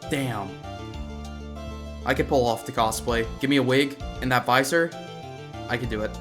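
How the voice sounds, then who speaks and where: A man streaming a video game, making relaxed, offhand remarks between reading lines. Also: medium pitch, moderate pace, over music. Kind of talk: casual gameplay commentary.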